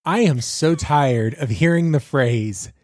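A man co-hosting a podcast in casual chat, animated and playful, full of jokey asides. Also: on the high side, takes it slowly, no room sound, clean studio sound. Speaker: podcast co-host.

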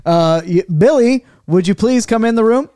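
A man hosting an improvised comedy show, deadpan and mock-polite. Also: sits high, normal speed, a little hiss or hum.

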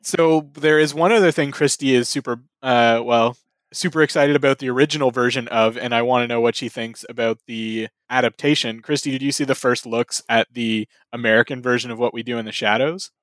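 Mid-pitched male host, easygoing, dry studio sound. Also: fairly even intonation, a little fast, no room sound. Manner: easygoing, laughs often. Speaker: podcast host. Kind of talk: casual podcast chat.

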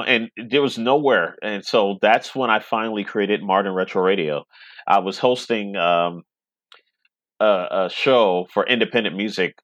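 A middle-aged man who owns a web radio station appears as a podcast guest, chatting casually, rambling, and laughing often. His voice is on the low side and a bit bright, with no echo in the recording.

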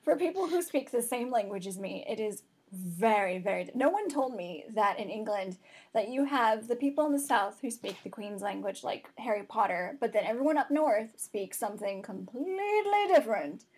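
Breathy woman guest, chatty, rambling, laughs easily. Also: mid-range voice, lively intonation, normal speed. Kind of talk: casual chat.

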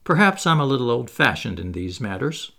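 A man reading aloud, voicing a proud, restrained former butler who speaks gravely and searches his own feelings. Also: medium pitch, big pitch swings, pushed and bright, exaggerated voice. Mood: earnest. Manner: grave, measured, self-searching.

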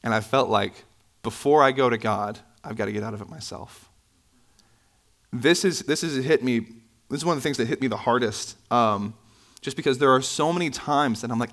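A man preaching a sermon in a church, conversational with asides and self-corrections, his pitch jumping up when he stresses a point. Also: normal speed. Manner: animated, pitch swinging up for emphasis. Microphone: microphone, sometimes bumped.

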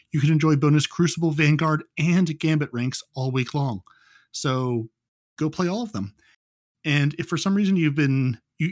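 A man co-hosting a casual gaming podcast, joking and rambling, often repeating his words. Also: on the high side. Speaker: podcast co-host.

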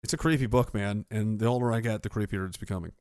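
A man's voice: lowish voice, fast talker, darkish tone. A man from Canada hosting a livestream. He reads viewer donations and rants in a sarcastic, rambling way, laughing often. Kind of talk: casual rant and chat. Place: indoors.

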